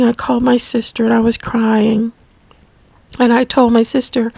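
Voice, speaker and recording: Woman, memoir narration, emotional, halting, fairly high voice, dry close sound. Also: little pitch movement, creaky, a little mellow, dry recording, rough recording. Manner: emotional, halting, repeats words. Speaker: family caregiver.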